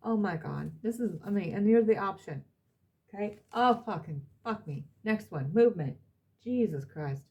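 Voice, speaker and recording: A woman's voice: medium pitch, lively intonation, normal speed, darkish tone, lo-fi sound. A woman reading tarot cards for her audience, emphatic and blunt, repeating herself and swearing now and then. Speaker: tarot reader.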